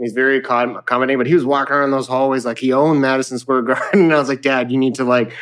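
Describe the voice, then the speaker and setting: A man's voice: medium pitch, very fast. Young guy guest chatting, laughing a lot, swears here and there, telling stories. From Canada. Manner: animated storyteller, laughs a lot, swears casually. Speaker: guest musician. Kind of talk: casual interview chat.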